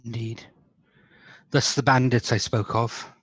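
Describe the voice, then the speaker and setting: A man's voice: mid-range voice, flat delivery, unhurried, a bit bright, slightly rough, no room sound. A man playing a samurai in a tabletop game, speaking in a formal, stately manner. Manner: formal, stately in-character speech. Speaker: player. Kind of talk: in-character tabletop role-play. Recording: dry, dull lo-fi audio.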